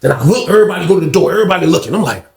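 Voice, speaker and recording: A man casually telling a story from his own life in a slangy, animated way, acting out the people in it. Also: sits high, racing, creaky, echoey room.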